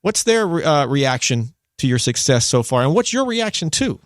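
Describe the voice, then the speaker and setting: A man hosting a radio interview, chatty and joking, with quick asides. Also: on the high side, very animated, no echo, clean studio sound. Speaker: radio host. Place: radio studio.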